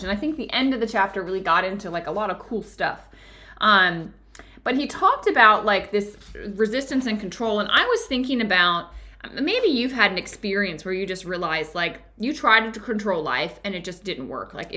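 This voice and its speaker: A woman's voice: medium pitch, sharp tone. A woman hosting a book club discussion, talking casually and telling a personal story with lots of fillers. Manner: chatty, storytelling, frequent fillers. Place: lives in Colorado.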